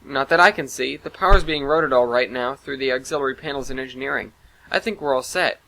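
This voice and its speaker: A man voicing a female starship AI who gives crisp, commanding announcements. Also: mid-range voice, brisk, bright, forceful tone, poor audio. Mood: calm.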